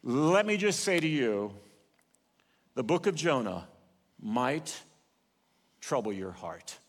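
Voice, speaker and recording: An older man preaching a sermon in a church auditorium, telling stories with swings in loudness and pace. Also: medium pitch, very animated, slow, in a large hall. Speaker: pastor.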